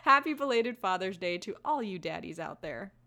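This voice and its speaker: Bright-voiced teasing mom co-host. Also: female voice, medium pitch, expressive, normal speed. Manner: upbeat, teasing, blunt. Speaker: podcast co-host. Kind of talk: casual chat.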